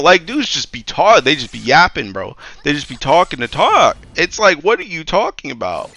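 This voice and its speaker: Young male streamer, lively slangy ranter, dry close sound. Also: on the high side, normal speed, gravelly, no echo. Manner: animated slangy ranting. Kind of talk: casual chat.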